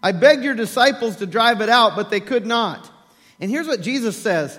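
A man preaches with a high, lively voice, acting out the story as he tells it. His words ring with long reverb through a church hall, with faint music underneath. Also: normal speed. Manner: animated storytelling, acts out voices, laughs. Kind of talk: sermon.

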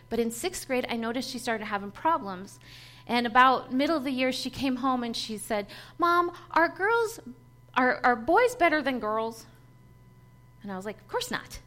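Lady w a high voice telling her testimony at church, earnest and emotional, little laughs here and there. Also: a bit bright. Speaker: speaker at a church gathering. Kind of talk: personal testimony sermon.

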